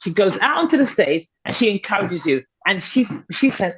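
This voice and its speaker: A middle-aged woman with a sing-song, mid-range voice speaks at a normal speed over a little hiss or hum. A fitness and confidence coach and podcast guest, she delivers motivational conversation emphatically and persuasively, repeating points for stress, on dull, slightly lo-fi audio.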